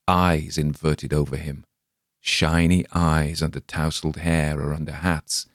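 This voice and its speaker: A man reading a short story aloud as narrator, in a measured, dramatic manner. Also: extremely low pitch, flat delivery, no echo, studio quality.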